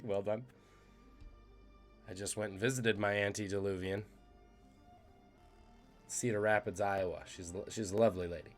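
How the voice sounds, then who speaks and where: A man's voice: on the low side, fairly even intonation, normal speed, pauses often, faint music behind. A man hosting a live trivia stream, joking and reading out the chat's guesses. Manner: jokey, punning, reads chat aloud. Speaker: trivia quiz host.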